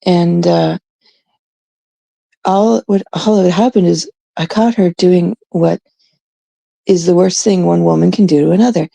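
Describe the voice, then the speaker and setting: A woman's voice: on the low side, steady tone, unhurried, vocal fry, long pauses, mellow, no room sound. A woman from Canada talking casually on a livestream, aggrieved and emphatic, repeating her points.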